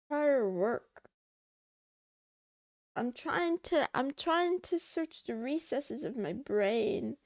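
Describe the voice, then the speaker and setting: A woman streams herself working and talks to her chat in a high, unhurried voice. She is self-deprecating and flustered, and she breaks into loud protests now and then. The sound is dry and close. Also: vocal fry, no echo. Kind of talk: casual livestream chatter while working.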